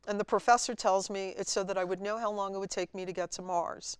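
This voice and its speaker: A woman guest at a college TV studio, telling her story in a lively way and acting out her own past words. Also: medium pitch, a little fast, hardly any pauses, clear, resonant tone, no room sound. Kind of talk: storytelling interview.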